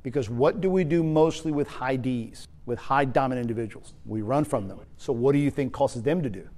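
A man giving a spoken leadership lesson, energetic and emphatic, often repeating his key points. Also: medium pitch, brisk. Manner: energetic, emphatic, uses repetition. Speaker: leadership trainer.

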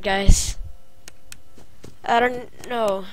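A woman's voice: fairly high pitch, unhurried, rough recording. A woman commenting as she plays a horror game, easily startled and crying out at jump scares. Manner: jumpy, cries out at jump scares. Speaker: game player. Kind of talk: let's play commentary.

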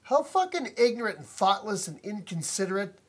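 Husky and high-pitched with big pitch swings, he talks a little fast, cursing often in an indignant, repetitive rant to camera from his house about a noisy neighbor. The audio comes from a phone or camera mic.

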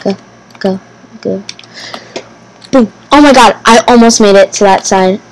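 A woman's voice: mid-range voice, unhurried, slight background noise, rough recording. Nervous woman narrating her own gameplay. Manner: nervous, anxious self-talk, repeating phrases; excitable exclamations. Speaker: gaming channel host. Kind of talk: casual gameplay commentary.

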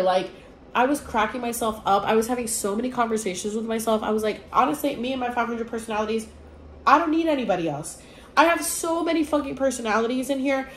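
A young woman telling a story in a casual vlog, rambling and animated with lots of fillers. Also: a little high, brisk, slight background noise. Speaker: vlogger. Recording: echoey room with faint ambience.

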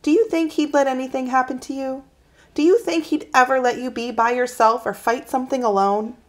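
Woman as a soft-spoken, soothing mother. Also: high voice, steady tone, a little fast, pitched above the performer's own voice, natural voice. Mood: tender. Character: gentle loving mother, tender and soothing.

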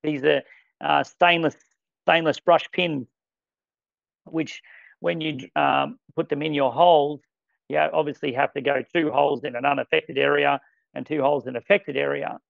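A man running a casual product training demo, talking with enthusiasm and quick exclamations. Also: on the high side, steady tone, creaky, no room sound. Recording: dull lo-fi sound.

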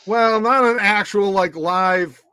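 A man's voice: sits high, slow, pushed and bright, smooth. A man co-hosting a drinks podcast, teasing and joking in loose banter. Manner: teasing, playful, mock-insulting. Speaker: co-host.

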